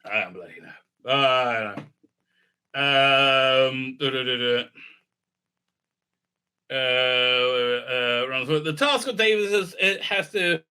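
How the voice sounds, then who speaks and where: A man's voice: medium pitch, takes it slowly, long pauses, pushed and bright, clean tone. A man giving rambling, sarcastic solo commentary, full of fillers and restarts. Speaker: video commentator.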